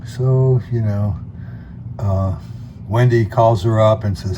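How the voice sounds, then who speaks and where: A man's voice: on the low side, unhurried. A man hosting a comics video, retelling a comic's story in a rambling, laid-back way full of fillers. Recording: steady background noise.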